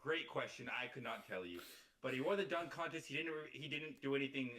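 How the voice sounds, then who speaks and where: A man co-hosting a casual sports podcast, talking in a wry, mocking, animated way. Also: mid-range voice, a little fast. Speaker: podcast co-host.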